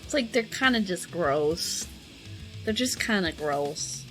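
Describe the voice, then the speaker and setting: A woman's voice: fairly low pitch, lively intonation, slow pace, music in the background, rough recording. A young woman streaming while she draws, chatting casually with lots of fillers, giggles and squealed reactions. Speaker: art streamer. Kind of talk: casual chat while drawing.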